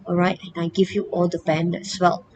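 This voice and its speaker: A woman's voice: lowish voice, flat delivery, fairly quick, darkish tone, slight background noise, poor audio. Woman teaching online. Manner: repeats "okay" and "all right", talks of herself as "teacher". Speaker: English teacher. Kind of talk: online lesson talk.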